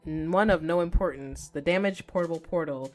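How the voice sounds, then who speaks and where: A woman voicing an aloof, formal male shadow monster in a game, speaking in a measured, condescending way. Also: fairly low pitch, darkish tone, faint music behind, natural voice.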